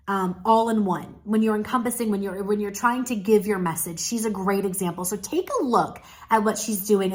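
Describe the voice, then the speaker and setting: A woman talks straight to the camera as a speaking coach, breaking down what works and why. Her voice sits at an ordinary middle pitch, and her tone stays encouraging and conversational. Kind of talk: casual video commentary.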